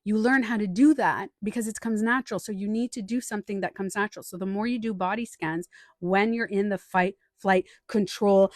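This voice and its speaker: A woman talks to viewers on a live stream, coaching them in a casual, animated way. She slips into the voices she quotes, now hushed, now loud. The sound is dry and close, with no room around it. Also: medium pitch, moderate pace, no room sound. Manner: animated, acts out quoted inner voices, laughs and trails off.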